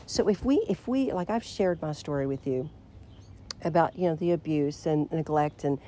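A woman with a lowish, warm, mellow voice guides listeners through a devotional talk and prayer. She speaks conversationally and reflectively, at times dropping to hushed tones. Faint background noise sits under the recording. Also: normal speed.

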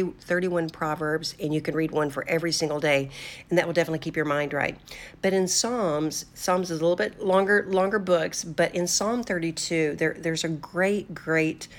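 An older woman hosting a devotional talk show, speaking earnestly and conversationally with fillers and restarts. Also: low voice. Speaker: host of a faith talk show.

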